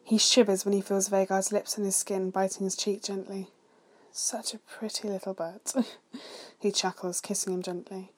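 A woman narrating fan fiction aloud in a steady, soft-spoken reading voice. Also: medium pitch, normal speed. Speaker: story reader.

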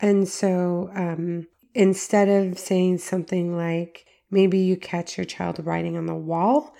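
Woman, middle-aged podcast host, lowish mellow voice, casual parenting advice with lots of "like". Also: flat delivery, slow, gravelly. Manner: conversational, frequent "like" fillers. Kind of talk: instructional parenting talk.

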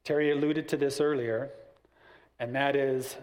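A man's voice: medium pitch, fairly even intonation, measured pace, pauses often, a little mellow. A man giving a church parenting talk, explaining his points through stories with acted-out voices. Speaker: parenting class teacher.

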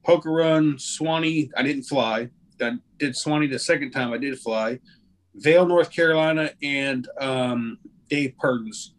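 A man's voice: medium pitch, a little slow. A man chatting casually in a group, rambling and restarting his sentences as he explains things. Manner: rambling, self-correcting, repeats words. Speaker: pilot sharing fly-in experience.

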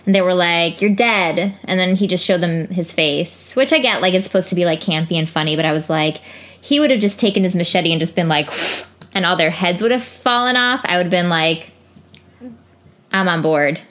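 Woman co-host, playful and quick to laugh, acts out scenes in a casual movie chat. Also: fairly low pitch, fairly bright tone. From New York. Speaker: podcast co-host.

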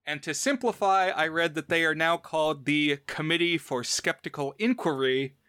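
A man with a bright, crisp voice co-hosting a podcast review chat. He lays out details methodically and explains things at an easy conversational pace. The sound is close and dry. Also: on the high side, moderate pace, no echo. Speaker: podcast co-host.

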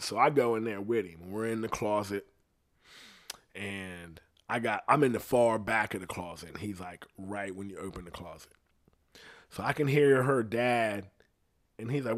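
A young man, a guest, telling a story in casual, profane talk and dropping to low tones for tension.

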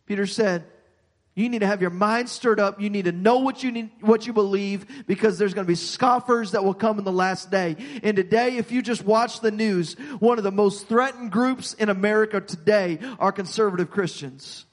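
A man with a high voice delivers a sermon from the pulpit, earnest and insistent. He doubles back on his words again and again as he presses his point. His voice rings with the long reverb of a large church sanctuary. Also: moderate pace. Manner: earnest preaching with frequent repeated words and restarts. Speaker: pastor.

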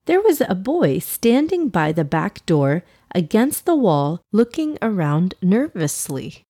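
A woman reading a children's story aloud in a gentle, even storytelling manner. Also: medium pitch, slow pace, breathy edge, no echo, studio quality.

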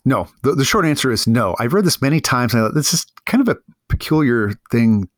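A man co-hosting a podcast in casual discussion, speaking in halting bursts with restarts. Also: mid-range voice, sing-song, no room sound, clean studio sound. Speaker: podcast co-host.

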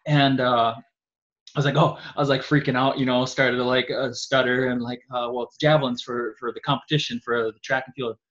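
Man, from North Dakota, casual interview guest, rambling storyteller, filler words, mid pitch, muffled lo-fi audio. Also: steady tone, a little fast, a bit bright. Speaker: guest, javelin thrower. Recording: dull lo-fi audio.

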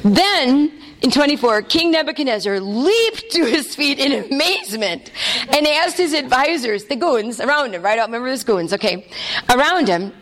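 A woman leading a Bible study, reading passages aloud and explaining them in a playful, animated way, laughing often and acting out the characters. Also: sits high, normal speed. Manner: lively, playful, laughs often, acts out voices. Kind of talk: animated scripture teaching.

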